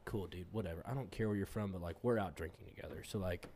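A man's voice: sits low, quick pace, noisy background. A man spins a rowdy bar story in loose casual talk, swearing freely and breaking into laughter. He acts out every line of dialogue as he goes. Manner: rambling, profane, laughs often, acts out quotes. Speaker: pipeliner telling stories.

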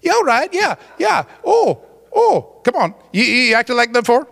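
A man's voice: extremely high pitch, big pitch swings, moderate pace, creaky, a bit bright, in a large hall, exaggerated voice. A man voicing God as a sarcastic, annoyed figure in a sermon retelling. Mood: sarcastic, exasperated. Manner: mock-cheerful, sarcastic.

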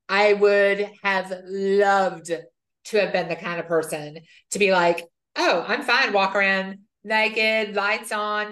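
A woman's voice: on the low side, a bit bright. A woman hosting a podcast, speaking candidly and relating her own experience. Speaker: podcast host. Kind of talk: casual chat.

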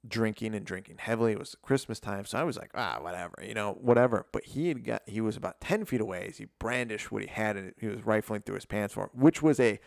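A man in his forties, a martial arts coach and podcast guest, telling a story in a casual, animated, rambling way, full of "like" and swearing. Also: fairly low pitch, quick pace, vocal fry, few pauses, no echo, clean studio sound.

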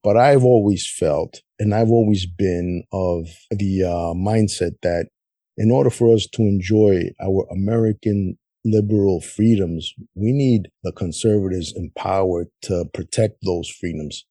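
A man talks politics in loose, profane chat, dropping "man" and "you know" everywhere. His voice sits low and mellow with a husky edge. The sound is dry and close. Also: measured pace, dry recording. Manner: blunt, heavy swearing, says "man" often. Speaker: podcast co-host.

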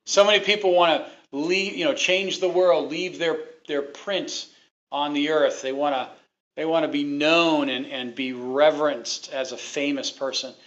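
Speaking at a measured pace, this man has a slightly high, somewhat bright voice with fairly even intonation. He delivers a sermon to his congregation, pressing his points emphatically, repeating them, and putting questions to the people, all captured in a dull lo-fi recording.

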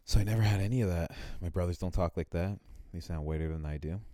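A man's voice: quick pace, mellow, no room sound, clean studio sound. A man casually chatting and telling rambling stories, often mimicking other people. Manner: rambling storyteller, mimics people in high voices. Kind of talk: casual chat.

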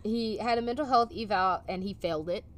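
A woman co-host speaks a little fast in a mid-range voice, telling a story during a laid-back chat. Lively throughout, she acts out quotes while laughing.

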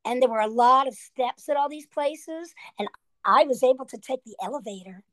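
Older woman, high voice, storytelling. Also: normal speed, a bit bright, no room sound. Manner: storytelling, quoting family members. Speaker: guest. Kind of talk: casual reminiscing chat.

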